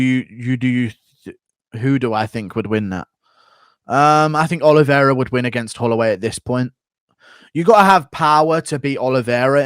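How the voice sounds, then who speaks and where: An American man hosts a livestream and reacts to chat in a blunt, profane rant. His voice sits in a middle pitch. The recording is dry and close. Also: dry recording. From United States. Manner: profane, opinionated ranting. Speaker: streamer host. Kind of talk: livestream commentary, reading donations.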